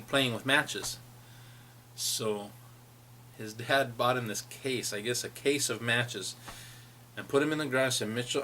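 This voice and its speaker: A man's voice: mid-range voice, pushed and bright, a little hiss or hum. A middle-aged man telling rambling personal stories about a friend, laughing as he reminisces. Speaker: friend sharing memories. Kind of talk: personal storytelling.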